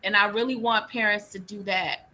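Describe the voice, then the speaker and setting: A woman speaking as a parent in a casual discussion, animated and expressive as she tells stories. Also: mid-range voice, normal speed, poor audio. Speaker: parent panelist.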